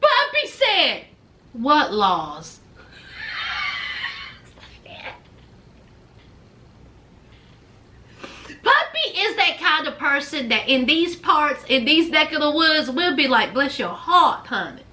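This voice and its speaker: A woman's voice: high voice, big pitch swings, a little slow, few pauses, pushed and bright. A woman recapping a reality show, acting out both sides of each scene and adding sassy asides. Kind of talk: casual episode recap and commentary.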